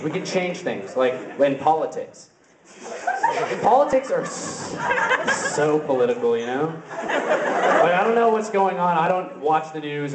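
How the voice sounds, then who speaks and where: High-voiced young man doing stand-up. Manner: rambling absurd delivery with many fillers. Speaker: stand-up comic. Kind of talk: open-mic stand-up comedy. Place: open-mic venue. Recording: roomy, distant, noisy camera recording.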